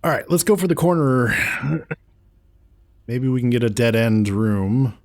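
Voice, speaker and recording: This streamer has a medium-pitched, expressive voice with a somewhat dark tone. During his casual live puzzle-game session, he reads chat jokes aloud, slow and thoughtful.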